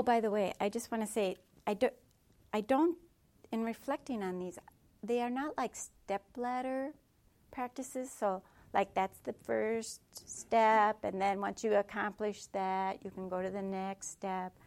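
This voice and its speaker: Gentle woman giving a dharma talk. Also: medium pitch, fairly even intonation, measured pace. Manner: gentle, reflective, with soft asides. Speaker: meditation teacher.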